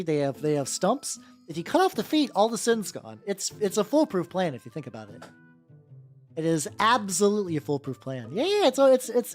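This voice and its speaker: A woman streaming as she paints miniatures, chatting casually with her viewers, greeting them by name, laughing and swearing freely. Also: mid-range voice. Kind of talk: casual livestream chat. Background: soft background music.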